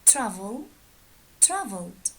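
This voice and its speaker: A woman teaching a grammar lesson, reading out word pairs slowly and deliberately. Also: medium pitch, sing-song, a little hiss or hum, rough recording. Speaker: English teacher.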